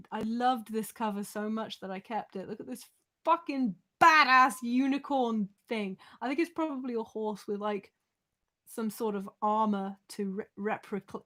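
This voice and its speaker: A woman's voice: medium pitch, fairly bright tone. A young woman, chatting casually and rambling on a live stream, swearing and laughing often.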